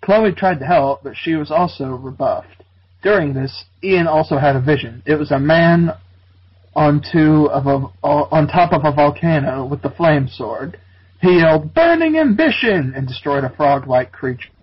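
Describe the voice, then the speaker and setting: A man's voice: a little high, steady tone, moderate pace, breathy edge. A man co-hosting a comedy podcast, reading a story aloud with incredulous, profane asides. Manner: incredulous, profane, laughs often. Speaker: podcast co-host reading fan fiction. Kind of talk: comedic read-aloud with banter. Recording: dull lo-fi sound.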